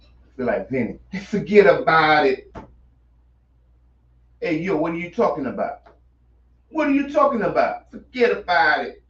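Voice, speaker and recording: A man putting on a brash tough-guy voice with mobster swagger, repeating a catchphrase loudly, in a dull, roomy recording from off the mic. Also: sits high, huge pitch swings, quick pace, vocal fry, recorded from a distance, voice pushed up, full character voice.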